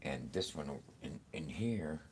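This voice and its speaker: A man's voice: rumbling low, expressive, takes it slowly, noisy background. A man vlogging from a print shop, talking casually and profanely to his viewers in a rambling, repetitive way. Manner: profane, rambling, repeats himself. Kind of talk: casual motivational talk to camera.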